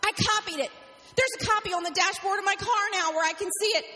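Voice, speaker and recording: A woman quoting a grateful young receptionist, with her voice raised high and excited in an echoey hall. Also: fast talker. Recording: echoey hall, faint hum.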